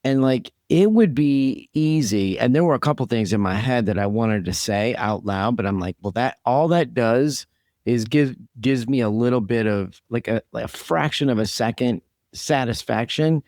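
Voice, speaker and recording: A man's voice: mid-range voice, normal speed, darkish tone, no room sound, clean studio sound. Easygoing, agreeable man co-host. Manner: easygoing, agreeable, frequent backchannel. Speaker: podcast co-host. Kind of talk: casual podcast chat. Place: home podcasting room.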